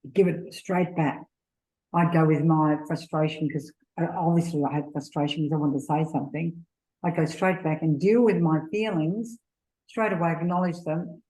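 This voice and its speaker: A middle-aged woman giving a gentle, earnest faith seminar talk, sharing personal stories. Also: lowish voice, low-quality recording. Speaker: seminar speaker.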